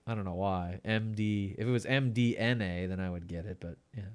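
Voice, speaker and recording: A man hosting a podcast in casual comedic chat, laughing mid-sentence and letting his sentences trail off quietly. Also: on the low side, brisk, clean tone. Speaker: podcast host.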